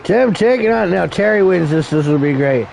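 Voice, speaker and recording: A man's voice: sits high, expressive, moderate pace, vocal fry, darkish tone, slight background noise, poor audio. A man calling an amateur wrestling show as commentator, crude and joking, rambling and calling people brother. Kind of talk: profane play-by-play commentary.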